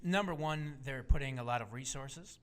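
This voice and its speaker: A man's voice: medium pitch, normal speed, a bit bright. A man speaking as a guest on a talk radio show, emphatic and insistent, with many filler uhs.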